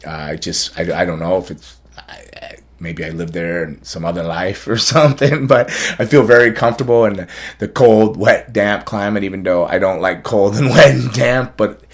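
A man's voice: on the low side, fairly even intonation, moderate pace. A man hosting a podcast, telling stories in a rambling, casual way with many restarts and laughs. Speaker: podcast host. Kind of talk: casual storytelling chat.

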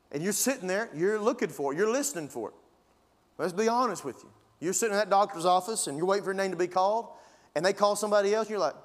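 A man's voice: high voice, fast talker. A man preaching a sermon as pastor, fervent and conversational, pushing his emphasis upward. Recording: long reverb of a large hall.

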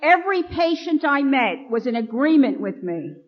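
A woman's voice: high-pitched, normal speed. Nun telling her story, lo-fi tape. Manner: lively storyteller, acts out quoted lines. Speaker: nun speaking at a recovery meeting. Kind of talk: personal recovery talk to an audience. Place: meeting hall, addressing an audience. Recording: dull lo-fi archival recording.

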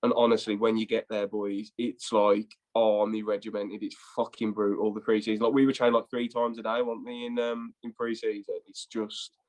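Lad telling rowdy stories. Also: male voice, lowish voice, level tone, fairly quick, few pauses, a little mellow. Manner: laddish storytelling, swears freely. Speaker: podcast co-host. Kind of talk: casual chat.

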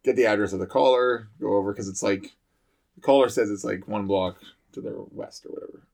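Gravelly man telling a rambling story. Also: on the low side, a little fast, a little mellow. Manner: rambling, laughs often while telling stories. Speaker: firefighter and podcast co-host. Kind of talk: casual storytelling chat.

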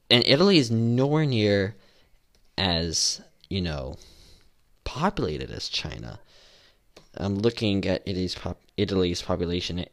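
A young man with a very low voice hosts his own podcast alone. He talks off the cuff and wanders, restarting sentences and stacking fillers as he goes. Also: vocal fry. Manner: rambling, with many restarts and fillers. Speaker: podcast host. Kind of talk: casual solo podcast commentary.

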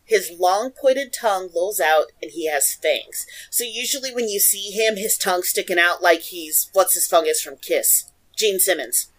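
A woman's voice: lowish voice, normal speed, poor audio. Giggly woman reading folklore notes. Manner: giggly, reads research aloud with asides. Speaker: podcast co-host.

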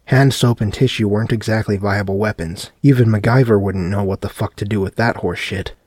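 A man narrating a dark horror story in a steady audiobook reading. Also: fairly low pitch, fairly quick, dry recording, clean studio sound.

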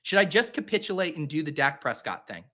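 Bright-voiced man ranting dramatically. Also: a little high, big pitch swings, brisk. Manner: theatrical self-pitying rants; rambling and joking. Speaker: podcast host. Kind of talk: live-drafting commentary, casual chat.

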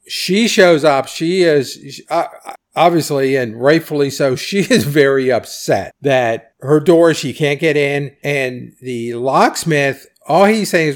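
A middle-aged man hosts a podcast in a casual, conversational way. His voice sits somewhat high for a man. He is opinionated and acts out quoted lines in a raised voice. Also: measured pace. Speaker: podcast host. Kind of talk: casual commentary.

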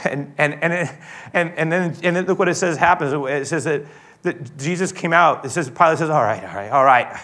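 A male pastor preaching a sermon in an animated, storytelling way with frequent restarts. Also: a little high, normal speed.

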